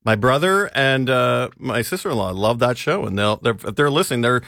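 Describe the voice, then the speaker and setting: A man chats on a radio show with a lively, swooping pitch. His voice sits close and dry on the studio mic. He often stumbles and restarts his sentences. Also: brisk, gravelly, no echo. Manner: animated, hesitant restarts, laughs easily. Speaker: radio co-host and film reviewer. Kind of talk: casual radio chat.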